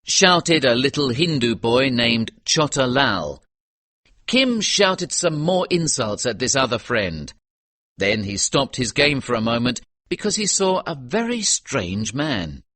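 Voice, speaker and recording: Lively, bright British male narrator. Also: medium pitch, slow, no echo. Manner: clear, even storytelling pace. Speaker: audiobook narrator. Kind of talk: scripted audiobook narration for learners.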